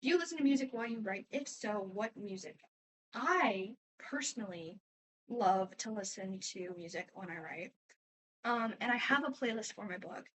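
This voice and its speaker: A woman's voice: mid-range voice, expressive, moderate pace, a bit bright, distant mic, a little hiss or hum, rough recording. A teenage girl answering fan questions in a casual, rambling way, often trailing off and restarting. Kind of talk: casual chat.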